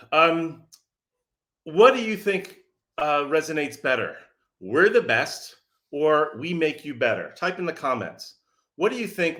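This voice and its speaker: A man speaking from his office as a sales messaging coach, energetic and sarcastic, firing questions at his audience. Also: a little high. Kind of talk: direct-to-audience pitch.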